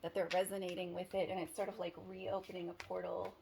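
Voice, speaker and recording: Fast, monotone, and on the low side, this woman's voice is gravelly with a slightly mellow quality, over faint background noise. She rambles through a casual tarot reading to camera, giggling and cutting herself off mid-thought.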